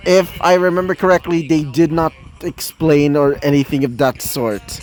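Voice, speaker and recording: A man's voice: on the high side, low-quality recording. A man reading his own fan story aloud, rambling with fillers and asides. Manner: rambling, repeating "as she would say", filler-heavy asides.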